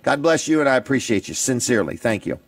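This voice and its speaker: A man's voice: medium pitch, sing-song, fast talker. Folksy radio host man, Delaware accent. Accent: Delmarva (Delaware). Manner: folksy, chatty, easily moved. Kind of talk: casual radio interview. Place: restaurant.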